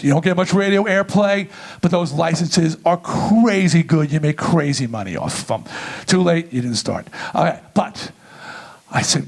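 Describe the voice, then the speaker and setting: Raspy high-voiced guy, middle-aged, swearing his way through a funny keynote story. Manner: profane, animated storytelling. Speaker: keynote speaker. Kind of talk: comedic motivational keynote. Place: large event venue.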